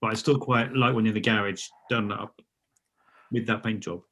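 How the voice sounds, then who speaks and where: A man in casual video-call chat, relaxed and anecdotal, as a panel regular. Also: fairly low pitch, moderate pace.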